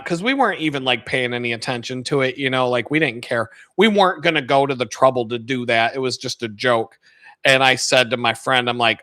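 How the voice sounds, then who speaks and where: A man hosting his own video, telling a rambling, profane story with lots of laughter and sudden loud stretches. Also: mid-range voice, moderate pace. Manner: profane, laughs a lot, gets loud retelling stories. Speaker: video host.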